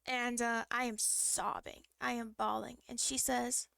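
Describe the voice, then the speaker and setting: Gravelly-voiced woman streamer rambling through a story. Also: fairly high pitch, flat delivery, measured pace, sharp tone, dry recording, clean studio sound. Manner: rambling, full of fillers and restarts; emotional, vivid retelling. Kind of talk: casual storytelling.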